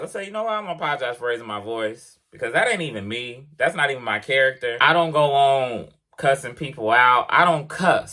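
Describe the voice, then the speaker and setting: Animated man telling a work story. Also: on the high side. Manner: animated, emphatic, quotes conversations in voices. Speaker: truck driver vlogger. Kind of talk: casual storytelling rant. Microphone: action camera mic. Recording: action camera.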